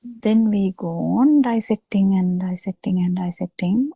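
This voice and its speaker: A woman giving a slow, halting dharma talk over a video call, pausing often as she explains. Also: medium pitch, mellow, husky, no echo, low-quality recording. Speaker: Buddhist teacher.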